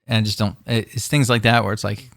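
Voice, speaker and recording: A man's voice: fairly low pitch, fairly even intonation, quick pace, vocal fry, a bit bright, no echo, clean studio sound. A man co-hosting a podcast in casual chat, rambling with lots of fillers and restarts. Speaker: podcast co-host.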